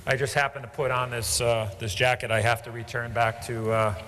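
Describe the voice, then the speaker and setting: A man at a banquet microphone, rambling and joking through his remarks with plenty of hesitations. His tone is bright and forceful. A long hall reverb and faint room noise surround him. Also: mid-range voice, level tone, fairly quick. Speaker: banquet guest presenting a raffle prize. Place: large indoor banquet hall.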